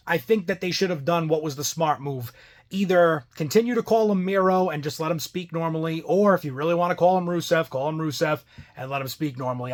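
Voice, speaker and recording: A man hosting a casual wrestling review vlog, rambling and loose, trailing off and restarting his thoughts. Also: on the high side.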